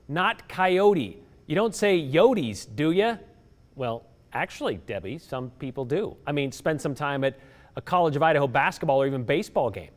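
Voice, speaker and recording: A man presenting a light-hearted scripted news segment in a playful, wry way. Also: fairly high pitch.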